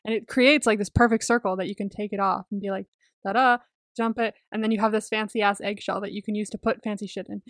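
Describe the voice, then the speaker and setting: A woman's voice: mid-range voice, flat delivery, quick pace, few pauses, no room sound, studio quality. A young woman co-hosting a podcast in casual chat, talkative, laughing often and swearing freely. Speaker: podcast co-host.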